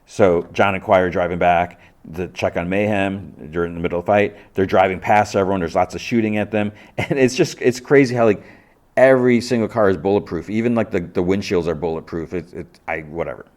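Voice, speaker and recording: A man's voice: deep voice, fairly quick, a little mellow. Rambling man recapping an episode. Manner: rambling, stumbling restarts and self-questioning. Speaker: podcast host.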